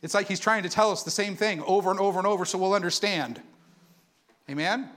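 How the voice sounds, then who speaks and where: A man preaching a sermon to his church, animated and conversational, asking the congregation for responses. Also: high-pitched, a little fast. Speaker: pastor.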